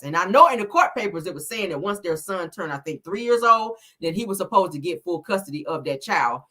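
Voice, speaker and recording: A woman's voice: lowish voice, expressive, fairly quick, few pauses, sharp tone. A woman hosting a celebrity gossip commentary, blunt, profane and sassy as she reads viewer comments.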